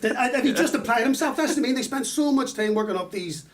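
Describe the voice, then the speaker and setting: Fast-talking Irish man telling stories. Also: very high-pitched, recorded from a distance. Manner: animated, swearing, laughing storyteller. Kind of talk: casual storytelling chat.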